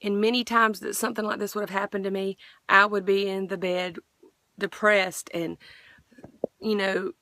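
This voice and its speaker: A woman's voice: medium pitch, level tone, moderate pace, pushed and bright, dry recording. A middle-aged woman earnestly sharing a personal faith testimony, rambling with frequent restarts.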